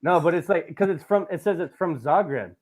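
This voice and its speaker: A man's voice: on the high side, lively intonation, fairly quick, a little mellow. A man hosting a casual podcast, telling a rambling, profane story with lots of asides. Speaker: podcast host.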